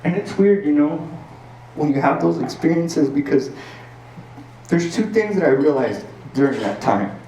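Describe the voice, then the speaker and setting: A man's voice: on the high side, lively intonation, moderate pace, long pauses, mellow, slight background noise. Man, stand-up comedian, confessional storytelling, filler words, picked up from a distance, faint ambience. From El Paso, Texas. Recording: roomy sound from a distance.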